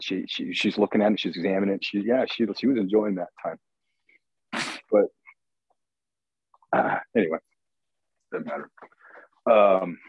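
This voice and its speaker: A man with a low, husky voice tells a rambling, crude story and laughs his way through it. The sound is close and dry, with no room around him. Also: dry recording, lo-fi sound. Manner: rambling, crude, laughs while telling stories. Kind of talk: casual storytelling chat.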